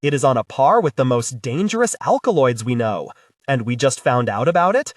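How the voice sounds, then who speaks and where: A man's voice: medium pitch, big pitch swings, brisk, no echo, clean studio sound, distant mic. A man voicing a blunt, businesslike male boss of a space service in an audiobook. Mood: briefing.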